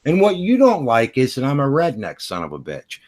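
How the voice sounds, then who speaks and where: A man's voice: mid-range voice, wildly swooping pitch, a little fast, darkish tone. A man arguing heatedly on a voice-chat call, sarcastic and talking over the others. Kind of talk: heated argument.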